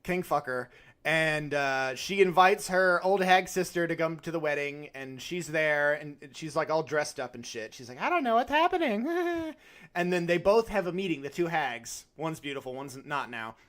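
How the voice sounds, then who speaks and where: A man co-hosting a podcast, retelling a film in casual chat with animated, acted-out quotes. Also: a little high, moderate pace. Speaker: podcast co-host.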